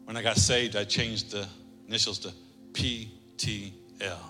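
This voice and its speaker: A male pastor preaching a sermon, telling a humorous story in an animated way in a church. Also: lowish voice, a little slow. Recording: reverberant church hall, faint music.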